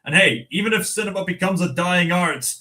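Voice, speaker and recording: A man's voice: high-pitched, fairly quick, bright, forceful tone, low-quality recording. A Scottish man hosting a livestream, reading news aloud in casual chat, chuckling often and stumbling over restarts. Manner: chatty, chuckles often, many fillers and restarts. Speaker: livestream host.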